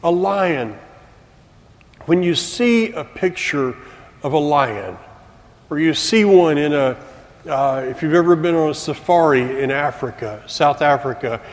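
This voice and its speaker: A man's voice: fairly high pitch, lively intonation, a little slow. A middle-aged man preaching a sermon as a teacher, with folksy joking asides to the congregation. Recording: long hall reverb.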